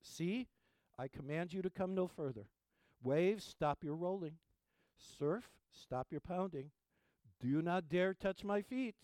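A man's voice: sits high, lively intonation, takes it slowly, a little mellow, no room sound, pitched above the performer's own voice. A male preacher voicing a proud medieval king who issues grand commands during a sermon story. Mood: commanding. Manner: regal, declaiming.

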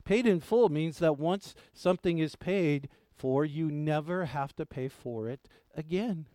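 A man's voice: on the high side, no echo. Emphatic male preacher with a dry sound. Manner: preaching with slow emphatic repetition, swinging from hushed to loud. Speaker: pastor. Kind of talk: sermon.

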